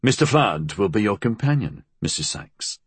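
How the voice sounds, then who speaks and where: A brooding middle-aged shopkeeper, read by a male narrator who talks in short, curt lines, a shade higher than the narration around him. The voice is husky and sits close and dry in the recording. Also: sing-song, moderate pace, no room sound. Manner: curt and clipped.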